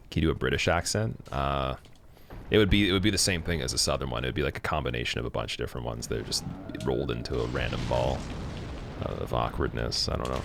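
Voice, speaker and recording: A man's voice: extremely low pitch, fast, gravelly, a bit bright, slight background noise. A man from Canada chatting casually with viewers while streaming a game, rambling with plenty of fillers. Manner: rambling, many fillers and restarts. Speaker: livestreamer.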